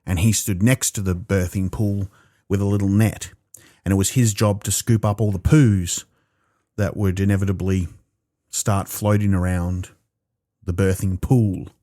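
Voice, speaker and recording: A man with an Australian accent doing a profane, animated stand-up set alone in his own room, stammering into restarts. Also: sits low, measured pace, no echo, clean studio sound. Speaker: stand-up comedian. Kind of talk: stand-up comedy performed alone.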